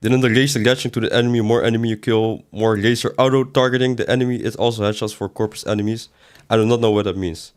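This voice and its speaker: A man's voice: on the low side, steady tone, fast, few pauses. A man doing casual livestream commentary as a game streamer, reading chat aloud and answering it in a rambling way with sudden exasperated outbursts.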